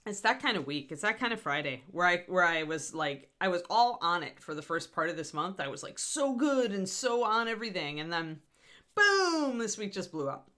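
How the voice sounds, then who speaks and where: A woman's voice: on the low side, animated, a little fast, few pauses, fairly bright tone. A middle-aged woman hosting a live miniature painting tutorial, chatty and self-deprecating, talking through her steps with scattered asides. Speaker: host.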